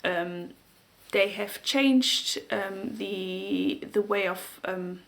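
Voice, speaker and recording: German-accented woman chatting to camera about knitting, halting, lots of pauses hunting for words, plain mid voice. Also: mid-range voice. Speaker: knitting podcast host. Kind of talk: casual chat to camera.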